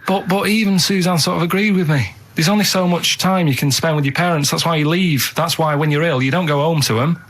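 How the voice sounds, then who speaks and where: A man in his thirties chatting on a radio show, telling stories in a blunt, deadpan way from a studio. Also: on the high side, a little fast, few pauses. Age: 30s. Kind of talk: casual radio chat.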